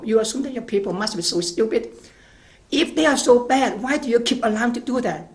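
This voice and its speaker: Male guest making a forceful case on a talk show, pressing with questions. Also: extremely high pitch, fairly quick. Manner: emphatic, rhetorical questions, repeats words at the start of phrases. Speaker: interview guest, scholar. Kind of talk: argumentative interview answers.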